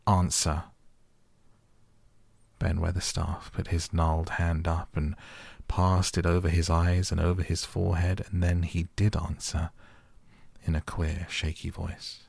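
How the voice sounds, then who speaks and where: A man narrating a storybook audiobook for sleep in a calm, gentle, measured way. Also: sits low, vocal fry, slightly rough, no echo. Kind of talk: soft bedtime audiobook reading.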